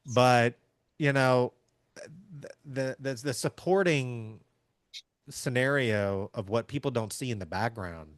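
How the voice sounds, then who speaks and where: A man from Southeast Missouri, hosting a casual business chat in an energetic, folksy way. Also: medium pitch, slow pace, no room sound, studio quality. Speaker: podcast host.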